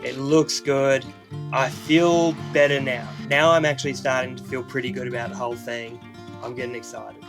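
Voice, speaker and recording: A man's voice: medium pitch, moderate pace, music in the background. A young Australian man casually telling a story on his vlog, acting out the lines of the people he met. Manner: animated, retells dialogue in quotes. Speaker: vlogger.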